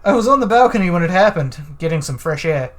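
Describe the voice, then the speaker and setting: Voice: medium pitch, animated, fast, soft background music, close to an everyday voice. A let's-play narrator voicing a nervous, evasive, genteel man witness who speaks in fussy, formal, hesitant phrases.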